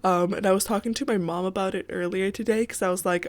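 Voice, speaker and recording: A woman's voice: medium pitch, fairly even intonation, fairly quick, few pauses, a little mellow. Young woman, sick, stuffy blocked nose, casual rambling chat, lots of fillers. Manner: chatty, rambling with many ums and likes. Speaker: Sims builder vlogger.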